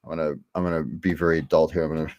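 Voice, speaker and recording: A man's voice: extremely low pitch, little pitch movement, very fast, darkish tone, dry recording, lo-fi sound. A middle-aged man hosting a casual talk, candid and rambling, with lots of fillers and restarts. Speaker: host. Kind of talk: casual livestream chat.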